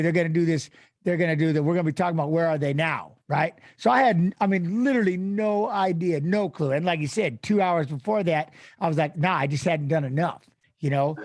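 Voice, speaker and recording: A man guesting on an interview show, telling an emotional story in an animated way, acting out quoted voices and swearing casually. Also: fairly high pitch, dry recording, clean studio sound.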